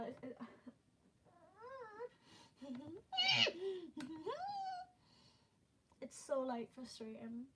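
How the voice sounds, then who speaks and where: Young woman, upset, rambling livestreamer; higher voice, unhurried delivery, faint hiss behind. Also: fairly bright tone, poor audio. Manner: nervous laughter and distressed rambling with many fillers. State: emotionally distraught. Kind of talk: casual livestream chat.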